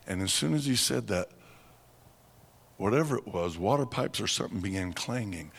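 A man preaching by telling a dramatic story, slow and vivid, acting out sounds and voices. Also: lowish voice, expressive, gravelly, husky. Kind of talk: storytelling sermon.

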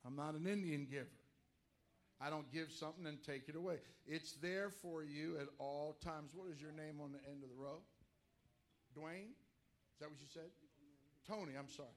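Male preacher, slightly higher voice, lively, swings quiet to loud. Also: normal speed, pauses often. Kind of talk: sermon.

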